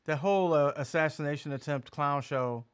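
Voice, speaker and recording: A man's voice: fairly high pitch, moderate pace, clean tone. Rambling male livestream host. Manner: rambling, loose and joking. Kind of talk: casual livestream chat.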